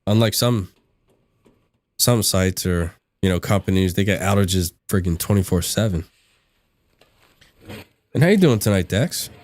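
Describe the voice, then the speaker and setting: A man hosts a live game stream and chats loosely with his viewers while he plays. His voice sits low, and he laughs easily and often. He replies to the chat as he goes. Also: animated, measured pace, long pauses, darkish tone, no echo. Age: adult. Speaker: livestream gaming host. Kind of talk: casual chat while gaming.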